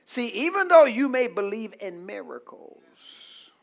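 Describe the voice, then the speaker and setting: A man a sermon, calling for amens and swinging between shouted peaks and soft low asides. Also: big pitch swings, takes it slowly, vocal fry. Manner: call-and-response preaching, asks congregation for amens. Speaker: preacher.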